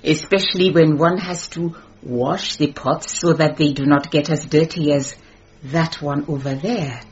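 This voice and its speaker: A composed, shrewd woman in a radio play. Her voice sits low and her speech is measured and politely sly. The sound is dull and lo-fi. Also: fairly even intonation. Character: shrewd, calm, composed woman, newly engaged.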